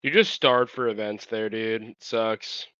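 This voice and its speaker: A man's voice: lowish voice, measured pace, fairly bright tone, clear, resonant tone, no echo, dull audio. A man co-hosting a podcast, reacting with short slangy remarks in casual banter.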